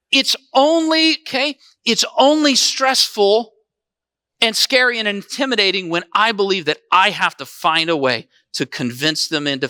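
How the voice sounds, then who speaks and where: A man's voice: sits high, sharp tone, dry recording, studio quality. A man preaching a conversational sermon as pastor, often asking the congregation questions.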